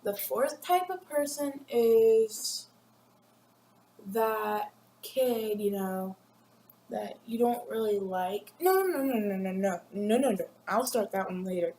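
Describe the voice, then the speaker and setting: A teenage girl rambling and giggling through a casual vlog, acting out classmates in quick voices. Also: medium pitch, mellow, a little hiss or hum. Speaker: vlogger. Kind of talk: casual chat to camera. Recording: echoey room with faint ambience.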